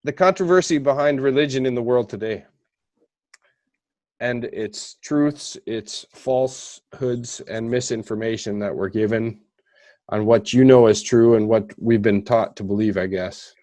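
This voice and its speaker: A man's voice: medium pitch, measured pace, a little mellow. A man hosting a casual podcast interview, talking in a loose, rambling way. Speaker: host.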